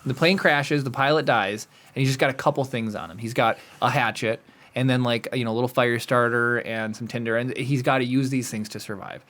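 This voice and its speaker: A man co-hosting a podcast in casual chat, jokey and animated, often laughing. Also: mid-range voice, brisk. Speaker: podcast co-host.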